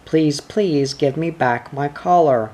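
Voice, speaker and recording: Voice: mid-range voice, slow pace, a little mellow, natural voice. A storyteller voicing Oscar, a brave, loyal male dachshund who pleads politely. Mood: pleading.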